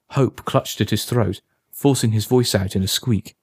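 A man narrating a dark story in a measured, dramatic way. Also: lowish voice, breathy edge, no room sound, clean studio sound.

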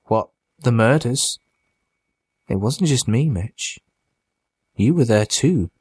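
A man's voice: medium pitch, animated, slow pace, darkish tone, husky, no echo, exaggerated voice. A man voicing a bitter, taunting undead creature, the narrator's monstrous brother, in an audiobook. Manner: taunting, scornful. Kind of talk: audiobook character voice.

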